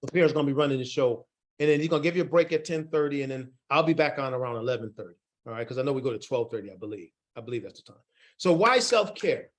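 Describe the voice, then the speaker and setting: A man presenting an online workforce training session, animated, folksy and encouraging. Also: mid-range voice, fast talker. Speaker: workshop facilitator.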